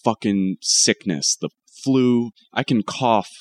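A man's voice: fairly low pitch, slow. A man co-hosting a podcast in casual chat while sick, talking loosely with swearing and jokes. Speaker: podcast co-host.

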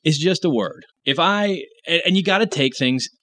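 Man, bright voice, casual chat, opinionated, profane. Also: a little high, animated, normal speed.

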